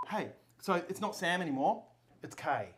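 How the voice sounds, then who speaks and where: A woman hosting a playful cooking-show parody in a bubbly presenter voice. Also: lowish voice. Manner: bubbly put-on presenter voice, giggly.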